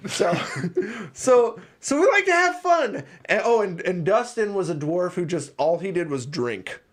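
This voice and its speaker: Young male podcast host, lively pitch, rambling storyteller who laughs and swears a lot. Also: measured pace. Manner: rambling, animated, laughs often, acts out voices, swears. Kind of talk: casual storytelling chat.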